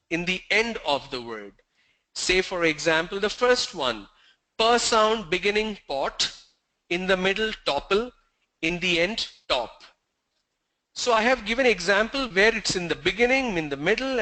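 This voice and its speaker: A man's voice: high voice, pushed and bright, rough recording. A middle-aged man teaching English pronunciation in an online lesson, drilling sounds letter by letter and correcting common mistakes.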